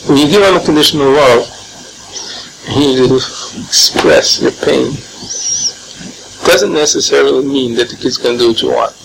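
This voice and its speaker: A man giving an informal Torah class, animated, firing off rhetorical questions and often chuckling. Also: mid-range voice, measured pace, creaky, long pauses. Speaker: Torah teacher. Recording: noisy background.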